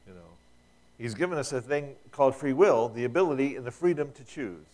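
A man's voice: mid-range voice, lively intonation, brisk, a little mellow. A man preaching a sermon to a congregation in a conversational way, asking them rhetorical questions and repeating words as he restarts. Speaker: pastor.

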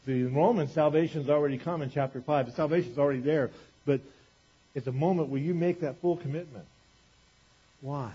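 A man preaching a sermon in an animated, conversational way, acting out quotes as he goes. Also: fairly high pitch, brisk, slightly rough. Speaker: pastor. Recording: dull lo-fi recording.

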